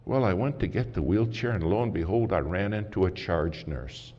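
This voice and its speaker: A man preaching a sermon as a story, dramatic and swinging from loud to hushed, recorded in a large conference hall. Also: sits low, normal speed. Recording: muffled hall recording with faint hiss.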